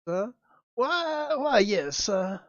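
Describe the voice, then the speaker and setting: A man voicing a wealthy elderly gentleman who puts on a fake Southern accent, speaking in halting phrases full of ums. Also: high-pitched, sing-song, no room sound, muffled recording, pitched above the performer's own voice, heavily acted. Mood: hospitable.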